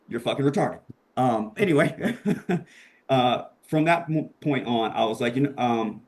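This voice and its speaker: A young man, a podcast guest, telling a story in a casual, excitable and profane way, acting out the voices he quotes. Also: medium pitch, fairly quick.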